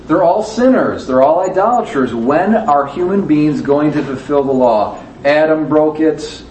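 A man with a slightly high, expressive, somewhat slow and mellow voice teaches a Bible lesson to a class. He speaks conversationally, puts questions to his audience, and acts out the quotes. The room is echoey, the mic is distant, and there's faint background noise.

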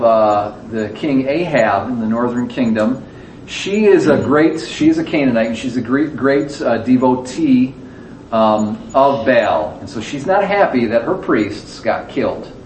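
A man's voice: medium pitch, darkish tone. A man teaching a Bible lesson to a class, talking conversationally, asking the audience questions and acting out the quotes. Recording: echoey room, distant mic, faint background noise.

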